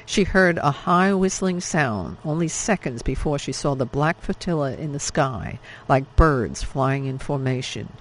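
A man reading an audiobook in a measured, steady narration. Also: on the high side, a little hiss or hum, poor audio.

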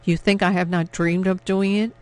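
A man voicing a weary, ashamed wartime mother who speaks quietly and tenderly in an audiobook. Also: high voice, flat delivery, moderate pace, clean tone, voice pushed up, close to an everyday voice. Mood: quiet, resigned.

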